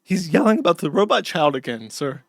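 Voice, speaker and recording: A man's voice: on the high side, expressive, a little fast, gravelly, no echo. A man voicing a panicking male platform reviewer who frets anxiously about letting someone into a program. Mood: panicked.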